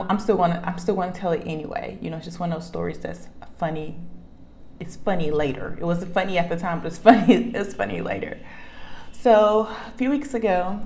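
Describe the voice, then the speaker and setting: Gravelly-voiced woman telling a story. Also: on the low side, slight background noise. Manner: animated, laughing, many restarts. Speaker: vlogger. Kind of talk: casual storytelling.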